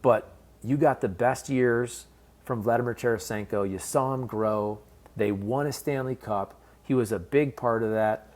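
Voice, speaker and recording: Male sports commentator, casual fan-facing vlog delivery, mid-range pitch, candid. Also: measured pace, a little mellow. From based in St. Louis. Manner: conversational, candid, fan-focused.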